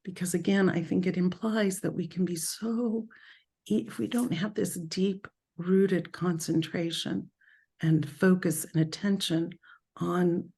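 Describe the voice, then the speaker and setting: A woman leading a spiritual group through a reflective talk, speaking thoughtfully with pauses and self-corrections. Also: lowish voice, steady tone, gravelly, warm tone, slightly rough.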